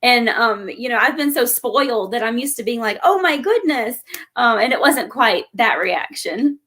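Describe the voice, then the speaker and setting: A woman guest chats casually on a live stream, her voice a little high. She giggles often and fills her pauses with plenty of ums. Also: sharp tone, husky. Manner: giggly, chatty, with many ums.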